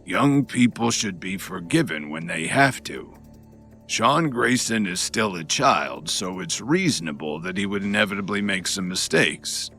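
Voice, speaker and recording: A man voicing a smooth middle-aged official who placates others in a condescending way in an audiobook. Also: low-pitched, expressive, a little slow, bright, forceful tone, faint music behind, exaggerated voice. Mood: placating. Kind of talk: audiobook narration.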